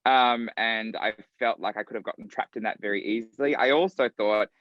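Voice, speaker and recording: A man with an Australian accent, a drag performer talking as a guest in a casual interview, animated and quick to laugh. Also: lowish voice, no echo, highs cut off. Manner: animated, laughing, acts out quotes.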